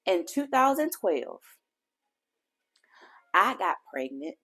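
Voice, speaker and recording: A woman's voice: medium pitch, lively intonation, slow pace. A woman podcast host telling a personal faith testimony in an earnest, heartfelt way, speaking directly to her listeners.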